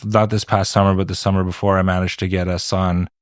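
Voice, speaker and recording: A man's voice: low voice, level tone, fast, no echo, clean studio sound. A man from Quebec, a guest musician in an interview, talking in a rambling way with many restarts. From Quebec, Canada. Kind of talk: casual interview chat.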